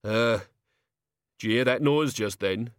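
A man's voice: mid-range voice, unhurried, clean tone, no echo, studio quality, lightly acted. A man voicing a nervous, miserable male thug who sounds distant. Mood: uneasy.

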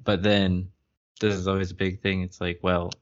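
A podcast co-host reads a book aloud in a low-pitched, flat voice at normal speed, laughing at the text and tossing out wry jokes about it. The casual show comes through on a muffled, lo-fi recording.

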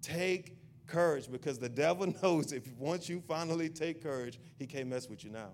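A man's voice: fairly high pitch, moderate pace, darkish tone, a little hiss or hum. Exhorting male pastor preaching. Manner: repetitive, exhorting, building to fervent prayer. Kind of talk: sermon.

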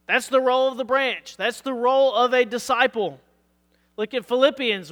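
Pastor, male, hoarse, earnest sermon delivery, bright tone in a reverberant sanctuary. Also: very high voice. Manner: earnest preaching, reads scripture aloud, asks "All right?". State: losing his voice.

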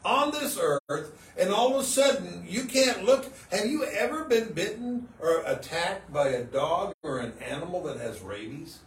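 A man's voice: sits high, lively intonation, unhurried, hardly any pauses. A man co-hosting a religious podcast, earnest and dramatic, firing off rhetorical questions. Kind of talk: casual religious podcast chat. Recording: roomy, distant mic, faint noise.

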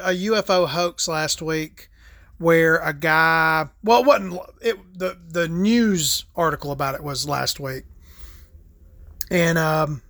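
Bright-voiced, rambling woman. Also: low-pitched, no room sound, clean studio sound. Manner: rambling, profane, laid-back storytelling; smoking and sipping between topics. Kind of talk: casual monologue.

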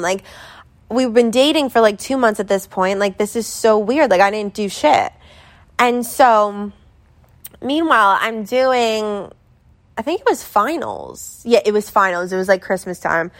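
A woman's voice: mid-range voice, animated, a little slow. A young adult woman telling a story in casual chat, rambling and filling it with constant "like". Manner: rambling, filler-heavy with constant "like".

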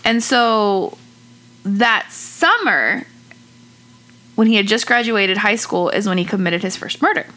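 A woman walking through a true-crime case in easy podcast chat. She talks loosely and swears now and then. Her voice is bright and clear at a middle pitch. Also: a little slow, pauses often. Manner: relaxed storyteller, casual swearing. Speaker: podcast co-host.

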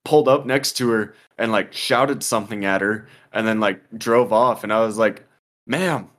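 A man's voice: lowish voice, fairly even intonation, normal speed, fairly bright tone. Profane young man telling a story. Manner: profane, rambling, heavy on "like" and "dude". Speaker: podcast co-host. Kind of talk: casual storytelling chat.

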